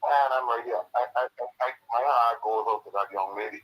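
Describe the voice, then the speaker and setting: Bahamian caller, all worked up and upset, husky voice, phone sound. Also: male voice, mid-range voice, a little fast, a bit bright. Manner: impassioned, distressed, repeats the host's name. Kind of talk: call-in phone talk. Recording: phone line.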